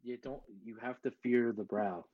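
A man's voice: mid-range voice, normal speed, muffled recording. A man co-hosting a sports podcast in casual chat, brash and riled up, with plenty of cursing. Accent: put-on accent at times. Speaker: podcast co-host.

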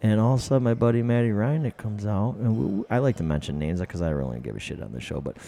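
A man's voice: on the low side, expressive, fast, gravelly, mellow, a little hiss or hum. A man casually telling a rambling, profane story among friends on a talk show.

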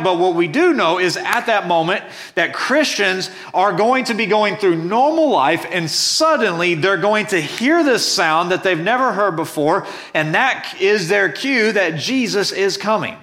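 A man's voice: high-pitched, bright, forceful tone. A man preaching a sermon as pastor, reading scripture and explaining it earnestly and emphatically.

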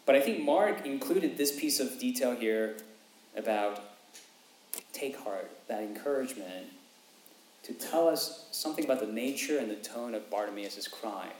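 Animated man preaching in an echoey room. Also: medium pitch, moderate pace. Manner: animated, repeats phrases for emphasis, acts out quotes. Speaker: pastor. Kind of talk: sermon. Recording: echoey room, faint ambience.

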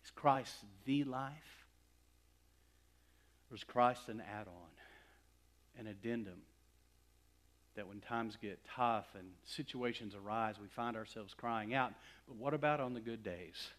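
A male pastor preaching a sermon, building to emphatic, louder swells and then dropping to hushed, slow asides. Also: on the low side.

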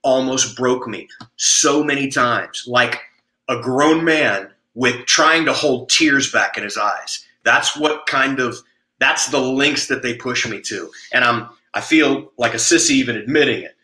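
Bright, blunt, foul-mouthed man in an echoey room. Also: medium pitch, a little slow. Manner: blunt, profane, emphatic, stammers on restarts. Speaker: jiu-jitsu coach. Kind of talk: storytelling in casual podcast chat.

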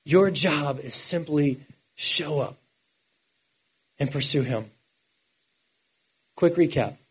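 A man delivers a sermon in a high, husky voice. He climbs from measured, quiet phrases to impassioned, near-shouted peaks, then drops low again. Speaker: preacher.

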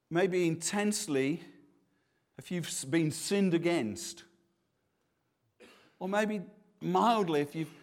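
A man preaching a sermon, earnest and full of restarts and repeated words. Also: sits high.

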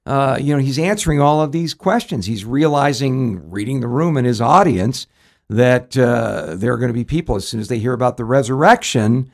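A man with a gravelly edge to his voice, preaching with lively, animated delivery. He teaches from the Bible on a ministry radio show and jumps sharply upward in pitch whenever he acts out someone's words. His voice sits around a middle pitch. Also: moderate pace. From United States. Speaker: pastor.

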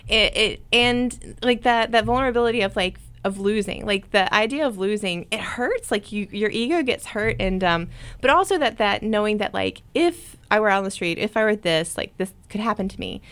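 A woman's voice: medium pitch, expressive, normal speed, a bit bright, clear, resonant tone, no echo. A woman guest in a casual interview, talking in an earnest, rambling way with many "like" fillers. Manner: earnest and open. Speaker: podcast guest, jiu-jitsu competitor.

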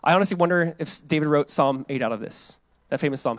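This male pastor delivers his sermon casually, voicing the people he quotes and sinking to a soft hush when reflecting. His pitch is fairly high, he talks fast, and there's no room sound.

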